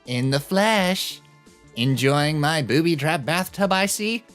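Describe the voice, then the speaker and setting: A woman voicing a cunning, swaggering female pirate captain villain in a low, taunting way during a game let's play. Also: lively intonation, soft background music. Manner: low, menacing, drawn-out taunting.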